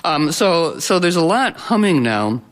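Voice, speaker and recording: Astrologer, male, a touch high-pitched; rambly, playful, restarts a lot, talking loosely to a live room. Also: big pitch swings, unhurried, fairly bright tone. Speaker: astrologer giving a talk. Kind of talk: informal talk to a live audience.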